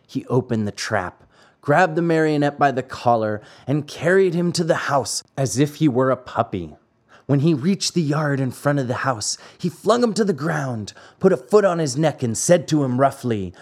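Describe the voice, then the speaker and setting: Expressive male storybook narrator. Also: mid-range voice. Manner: expressive, measured. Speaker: host and reader.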